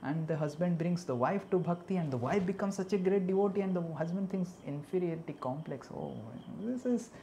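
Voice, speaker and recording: A man telling a devotional story as a sermon, animated and dramatic, dropping to soft asides. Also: high-pitched, a little fast, hardly any pauses, slight background noise. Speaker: preacher.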